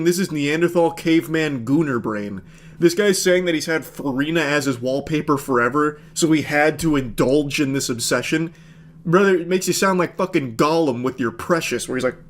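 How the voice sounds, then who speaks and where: Brief: a fairly high-voiced male commentator, sarcastic and mocking, reacting for comedy.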